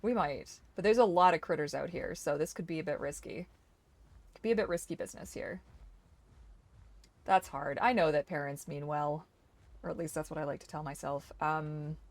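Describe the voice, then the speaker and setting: A young woman streamer giving casual gameplay commentary, chatty, swearing freely and exclaiming loudly at the game. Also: low voice, normal speed. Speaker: gaming streamer.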